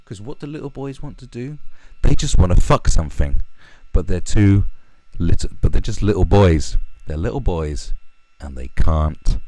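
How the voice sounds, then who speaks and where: A man's voice: low voice, lively intonation, moderate pace, mellow, no echo. Sneering, profane male ranter. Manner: sneering, combative, sarcastic. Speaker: podcast host. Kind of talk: profane comedic rant.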